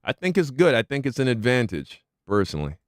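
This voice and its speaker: A man's voice: medium pitch, very animated, a little fast. A man streaming reactions, musing aloud in a laid-back way with plenty of slang. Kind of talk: casual reaction commentary.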